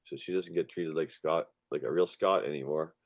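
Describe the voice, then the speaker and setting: A man's voice: a bass voice, steady tone, normal speed, no echo. A man born in Ireland and raised in Canada, talking casually as an interview guest, rambling and profane with many restarts. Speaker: musician guest.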